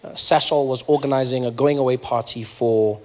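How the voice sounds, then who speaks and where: A man from Africa, telling a stand-up story on a comedy stage and building to loud outbursts. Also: mid-range voice, steady tone, a little fast. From South Africa. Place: comedy stage before a live audience.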